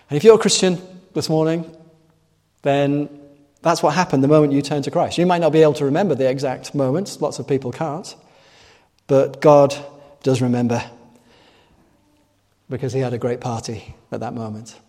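A man's voice: mid-range voice, moderate pace, long pauses, a little mellow. A man preaching a sermon in an earnest way, often asking rhetorical tag questions, recorded in a large church hall. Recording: long echoing hall reverb.

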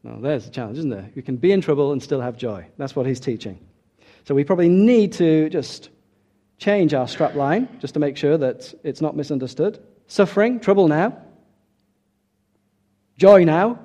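A man preaching a sermon, emphatic, dropping soft and then rising loud for key points. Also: on the high side, lively intonation, moderate pace.

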